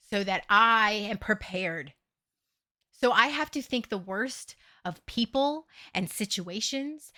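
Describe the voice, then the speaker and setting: A woman streamer chatting casually to her audience, candid and often profane as she talks. Her voice sits a little high and swings widely in pitch. The tone is bright and forceful. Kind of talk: casual livestream chat.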